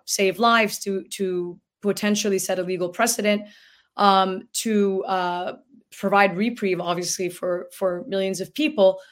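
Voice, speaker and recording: A woman guest speaking earnestly in a roundtable discussion, halting at times and emotionally moved. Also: lowish voice. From Palestinian family. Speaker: guest author and plaintiff.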